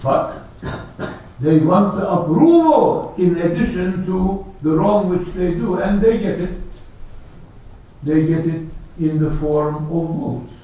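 A man preaching a sermon, slow and emphatic, building his points through rhetorical questions. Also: high voice, lively intonation. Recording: echoey hall, distant lo-fi mic.

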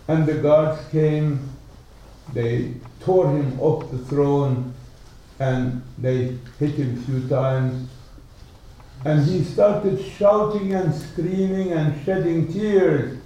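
Slow, echoey male preacher. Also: on the high side, dark tone. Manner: slow, emphatic, deliberate. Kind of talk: sermon storytelling. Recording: echoey hall from far off.

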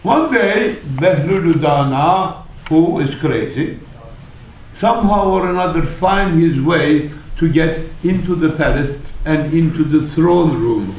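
Slow-spoken male preacher in an echoey hall. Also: a little high, a little mellow, a little hiss or hum. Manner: measured, deliberate delivery with emphatic rises. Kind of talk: sermon storytelling. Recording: echoey hall, distant, dull.

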